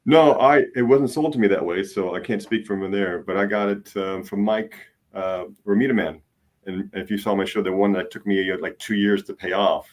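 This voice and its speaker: A man dealing in comic art, giving a relaxed, easygoing sales pitch. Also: moderate pace.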